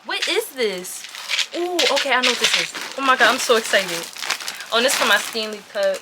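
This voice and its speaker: Chatty, excitable woman vlogger unboxing on camera, noisy takes with crinkling packaging. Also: on the high side, fast. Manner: chatty, easily excited, talks to viewers as "y'all". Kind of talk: casual unboxing chat.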